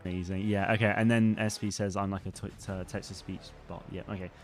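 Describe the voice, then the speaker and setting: Reading viewer comments during a live stream, a young channel host rambles casually, full of fillers and false starts. He speaks briskly in a low voice with little pitch movement, over soft background music.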